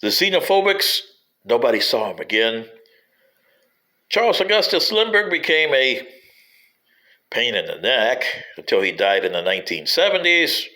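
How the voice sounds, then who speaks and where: A man's voice: medium pitch, big pitch swings, normal speed, long pauses, pushed and bright, low-quality recording. Wry guy rambling through old political history, voice jumps up and down a lot. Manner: digressive and wry, addressing politicians directly. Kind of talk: rambling spoken history commentary.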